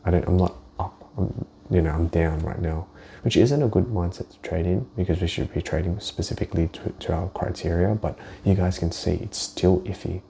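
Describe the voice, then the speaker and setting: A man's voice: deep voice, moderate pace, creaky, mellow, slight background noise. A man giving a casual walkthrough of his forex trades, thinking aloud and swearing as he goes, with many restarted sentences. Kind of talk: casual screen-share market walkthrough.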